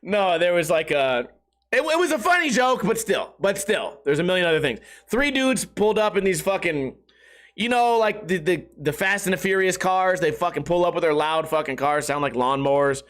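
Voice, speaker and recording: Guy with a pretty high voice rambling on his podcast, swears a lot, pokes fun at himself. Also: lively intonation, normal speed, fairly bright tone. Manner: profane, self-mocking, rambling storytelling. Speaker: podcast host. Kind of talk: casual podcast monologue.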